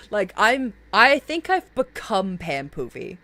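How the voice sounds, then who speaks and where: Woman, live streamer, lively swooping pitch, gushing, swears a lot, laughs often. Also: slow, no echo. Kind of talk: casual live-stream chat.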